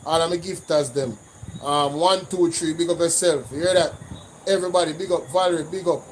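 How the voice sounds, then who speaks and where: A man with a Jamaican accent hosting a casual livestream, animated, mixing patois with English and repeating "you know" often. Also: on the high side, brisk, slight background noise, low-quality recording. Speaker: livestream host.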